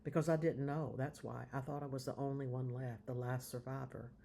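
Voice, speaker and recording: A man reading aloud voices a wry stranger, a fellow fugitive, who speaks with a dry, mocking calm. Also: medium pitch, fairly quick, vocal fry, a little hiss or hum, natural voice.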